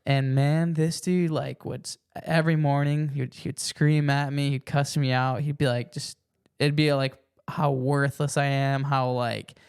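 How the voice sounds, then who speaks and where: A man's voice: medium pitch, level tone, normal speed, clear, resonant tone. A young man hosting a casual podcast chat, rambling with restarts and acting out quoted lines. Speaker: podcast host.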